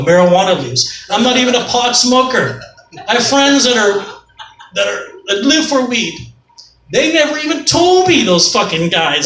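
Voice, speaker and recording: A middle-aged man from Canada, his voice extremely high and sharp, works a club stage with meandering, profane jokes at his own expense. The recording is distant and echoey, with faint noise.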